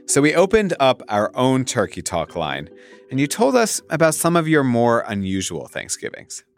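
A man's voice: medium pitch, huge pitch swings, moderate pace, soft background music. A man hosting a show, narrating between interview clips. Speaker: podcast host. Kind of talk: scripted narration.

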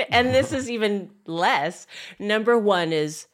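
A woman's voice: medium pitch, lively intonation, slow. A woman co-hosting a casual chat, chatty and giggly. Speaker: co-host.

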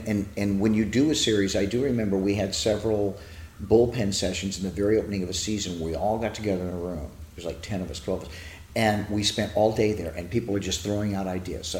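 An older man, a TV writer, chatting as an interview guest, telling long rambling stories and acting out quotes. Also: on the low side. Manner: rambling storyteller who acts out quotes. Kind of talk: casual interview chat. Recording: echoey room.

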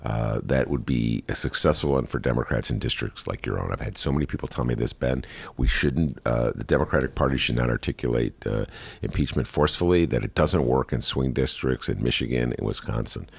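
A man's voice: extremely low pitch, brisk, creaky, slightly rough, no room sound. A man interviewing a political candidate, asking long, rambling questions full of "uh" and restarts. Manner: rambling, many "uh" fillers and restarts.

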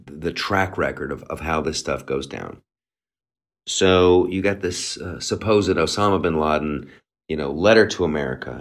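A man's voice: on the low side, a bit bright. A man co-hosting a podcast, ranting in a heated, profane way with many stammered restarts. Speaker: podcast co-host. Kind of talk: opinionated podcast rant.

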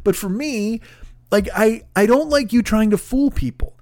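A man's voice: sits high, measured pace, dry recording, studio quality. A middle-aged man hosting a podcast, telling profane, ranting stories in a solo comedic monologue. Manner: profane, ranting, animated storytelling. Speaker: podcast host.

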